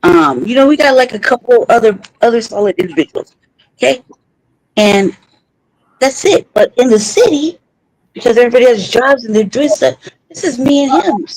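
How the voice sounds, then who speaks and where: A man's voice: extremely high pitch, expressive, moderate pace, dry recording, poor audio. Angry, profane man on a podcast. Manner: angry, emphatic, profane, rambling with restarts. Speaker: podcast co-host. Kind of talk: heated casual talk.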